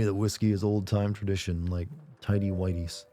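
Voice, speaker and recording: A man streaming a game, chatting casually and joking, his voice hoarse from being sick. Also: deep voice, little pitch movement, mellow, soft background music. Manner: joking, chatty, quick laughs. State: hoarse from illness.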